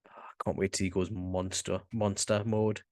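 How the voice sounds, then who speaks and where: Low-voiced Northern English man, very dry sound. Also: flat delivery, moderate pace, darkish tone, no echo. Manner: laid-back, hesitant, trailing off. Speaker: podcast co-host. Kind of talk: casual chat.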